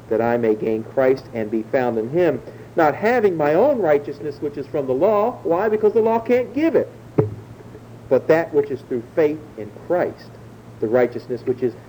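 A man preaching a Bible sermon, explaining verses in a measured teaching way and slowing down to stress key words. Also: on the high side, dark tone, a little hiss or hum, low-quality recording. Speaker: pastor.

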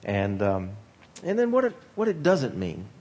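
A man speaking as a pastor, giving a measured teaching talk on ministry with frequent pauses and fillers. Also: medium pitch, wildly swooping pitch, a little mellow, slight background noise.

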